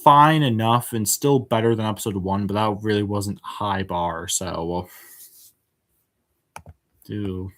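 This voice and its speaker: A man's voice: lowish voice, measured pace, long pauses, a bit bright. A man hosting a casual spoken review, hesitant, with many filler words and restarts, and frank and exasperated in tone. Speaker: show reviewer.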